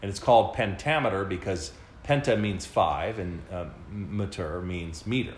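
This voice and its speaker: A man's voice: deep voice, moderate pace. A man co-hosting a podcast, explaining at length in a casual way with many fillers and restarts. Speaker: podcast co-host. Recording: echoey room, faint background noise.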